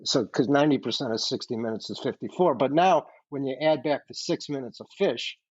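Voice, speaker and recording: Podcast guest, middle-aged man, mid pitch, blunt and self-deprecating, slightly dull audio. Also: fairly quick, husky. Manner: blunt and profane, self-deprecating, laughs while talking. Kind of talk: casual podcast chat.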